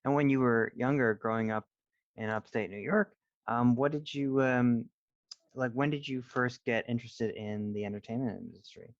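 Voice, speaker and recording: A man's voice: mid-range voice, dry recording. Man hosting, dry dull lo-fi sound. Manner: encouraging, quick affirmations. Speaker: podcast host. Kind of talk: casual interview chat.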